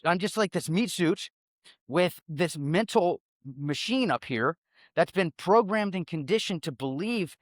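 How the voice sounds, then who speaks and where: Profane, emphatic man with a higher voice. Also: fairly bright tone, dry recording, studio quality. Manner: profane, emphatic, rambling with many fillers. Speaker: self-help speaker. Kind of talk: casual motivational monologue.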